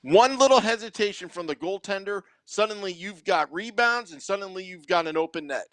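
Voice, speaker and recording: Male co-host, methodical analyst, slightly high voice, dry close mic. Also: animated, fairly quick, fairly bright tone, no room sound. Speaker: podcast co-host. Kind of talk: sports analysis chat.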